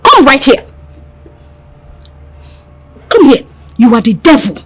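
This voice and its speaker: A woman's voice: sits high, very animated, slow, full character voice, rough recording. An actress with a Nigerian accent playing a scornful, hot-tempered wealthy madam who scolds and mocks her maid. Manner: scolding, mocking, blunt. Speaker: employer of the maid.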